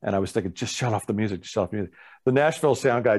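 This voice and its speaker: Speaking rapid-fire in a lowish voice, a man who's a guest musician tells an animated story in a casual interview, acting out other people's dialogue.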